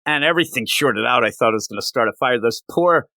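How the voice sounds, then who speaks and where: A man hosting a comic book review podcast, chatting casually in an animated, jokey way with frequent restarts. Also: mid-range voice, fast talker, dry recording.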